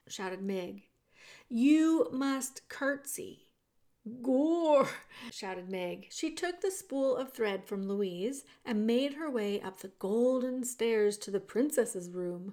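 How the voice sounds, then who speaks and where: A woman reading a children's book aloud, narrating it in a calm storytelling manner. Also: mid-range voice, slow pace, few pauses.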